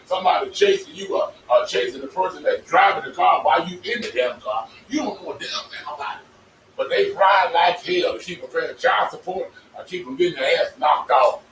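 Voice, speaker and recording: High-pitched gravelly guy telling wild stories on his vlog, all over the place, laughing and cussing, sounds far off in an echoey room. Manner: animated, swearing, laughing storyteller. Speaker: vlogger. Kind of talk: casual storytelling monologue. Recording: echoey, distant mic with faint noise.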